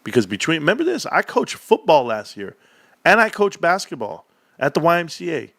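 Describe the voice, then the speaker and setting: A man's voice: fairly high pitch, a little fast, vocal fry, dry recording. A man, chatting casually as a livestream host and acting out the voices of the people in his stories. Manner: animated storyteller, acts out quoted voices.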